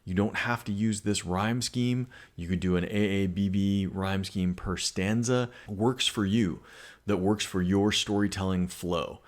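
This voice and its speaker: A man's voice: lowish voice, steady tone, a little slow. A male English teacher giving a recorded lesson, explaining patiently and reading poems aloud, with frequent fillers.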